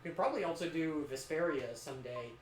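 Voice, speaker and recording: A let's play co-host chats casually while playing a video game, explaining game trivia and trailing off mid-thought. The medium-pitched voice moves at a quick pace, and the roomy recording carries game music and slight background noise.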